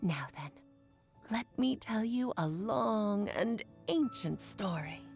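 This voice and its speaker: A woman's voice: medium pitch, expressive, takes it slowly, gravelly, a little mellow, faint music behind. A woman voicing a playful, coy witch mother telling an old story in a video game.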